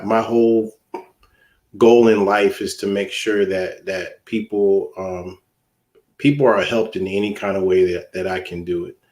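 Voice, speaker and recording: Slow, low-voiced man in an echoey room. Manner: soft-spoken and hesitant, with many fillers and restarts. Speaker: guest, Navy veteran and minister. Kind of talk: casual interview talk.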